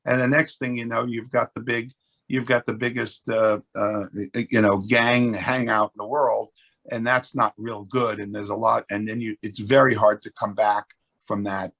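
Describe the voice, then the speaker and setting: A man's voice: on the low side, little pitch movement, moderate pace, gravelly, a bit bright. A man speaking as a real estate executive on a webinar panel, explaining his points earnestly and often restarting his sentences.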